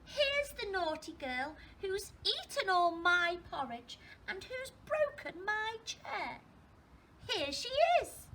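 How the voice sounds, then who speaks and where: A woman voicing a tiny, upset young male bear cub with a high, squeaky, wailing cry in a storybook reading. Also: very animated, slow pace, bright, forceful tone, a little hiss or hum, heavily acted. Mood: indignant.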